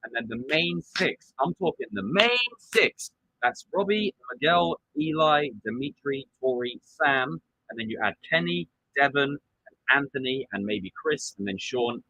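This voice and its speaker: A man hosting a live stream, chatting casually and excitably about a TV show and acting out quotes. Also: mid-range voice, a little slow, no room sound. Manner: animated, excitable, acts out quotes.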